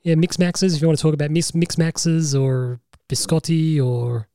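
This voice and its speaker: A man's voice: fairly high pitch, moderate pace, mellow, dry recording. An Australian man hosting a podcast over a video call, talking casually and animatedly, laughing often and swearing now and then. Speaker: podcast host. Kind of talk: casual chat.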